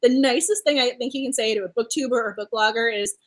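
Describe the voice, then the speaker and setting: A woman's voice: fairly high pitch, quick pace. A woman co-hosting a book club discussion, chatty and enthusiastic, laughing often as she talks about novels. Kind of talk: casual book chat.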